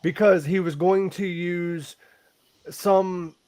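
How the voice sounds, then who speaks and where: A male podcast host jokes around and teases his guest, laughing often. His voice is fairly high for a man. The sound is close and dry. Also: steady tone, takes it slowly, darkish tone, no echo. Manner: teasing, laughing, joking. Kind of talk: casual crude podcast banter.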